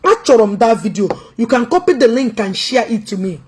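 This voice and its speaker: A high, husky-voiced Nigerian woman with an Igbo accent rants in a mocking commentary vlog. She taunts and scolds loudly, drifting between English and Pidgin. The edge in her voice stays rough throughout. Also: very animated, a little fast. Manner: taunting, confrontational, loud and teasing. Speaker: online commentator.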